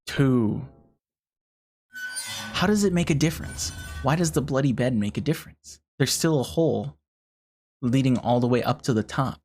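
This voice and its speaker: A game streamer giving casual live commentary, talking a puzzle through out loud and swearing often in frustration. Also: mid-range voice, expressive, normal speed, pauses often, soft background music.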